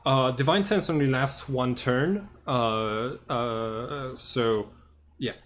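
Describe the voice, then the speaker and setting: A man's voice: medium pitch, slow, a little hiss or hum. A man running a tabletop game as game master, hesitant and full of filler sounds, on a headset. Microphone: headphones with microphone.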